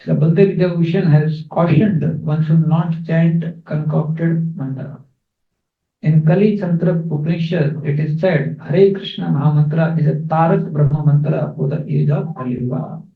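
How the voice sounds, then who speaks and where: A man giving a scripture class, explaining verses slowly with fillers and repeats. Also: fairly high pitch, steady tone, creaky. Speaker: spiritual teacher. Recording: echoey, phone-like, distant.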